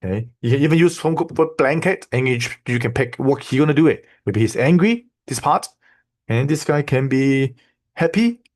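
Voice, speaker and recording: A man walking students through a software tool in a loose, repetitive teaching style, checking in often with "okay?" and "right?". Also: mid-range voice, expressive, normal speed. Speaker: online course instructor. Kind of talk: casual screen-share tutorial.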